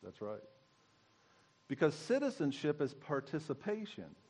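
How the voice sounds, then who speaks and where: A man's voice: a little high, huge pitch swings, measured pace, darkish tone. A man giving a conversational sermon as pastor, teaching and asking his congregation questions.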